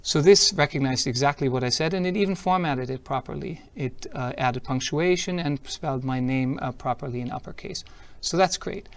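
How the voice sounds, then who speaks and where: A man at mid pitch presents a software demo at a tech conference. He is upbeat and explanatory, and he walks the audience through each step as he goes. His voice is an ordinary, even-pitched male voice. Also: normal speed. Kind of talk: product demo talk.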